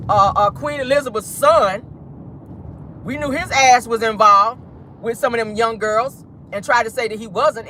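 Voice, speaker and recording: A vlogger hosting a casual celebrity gossip monologue from inside a car, sassy and quick to laugh, calling listeners "honey" and "child.". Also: medium pitch, sharp tone, a little hiss or hum. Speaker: vlogger and gossip show host.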